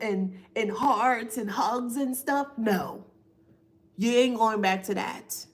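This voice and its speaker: A woman's voice: medium pitch, fairly bright tone. A woman giving a casual spiritual reading on a live stream, emphatic and repetitive, thanking viewers by name. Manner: emphatic, repeats phrases, reads viewer names aloud.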